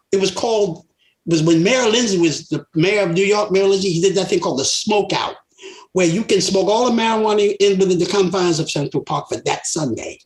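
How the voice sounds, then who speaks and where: A man's voice: high-pitched, a little fast. An older man spins stories from a long career, laughing often and acting out the voices of the people in them. His voice carries a roomy echo from the space around him. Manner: animated storyteller, laughs often, acts out voices. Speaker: guest singer. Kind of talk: storytelling interview.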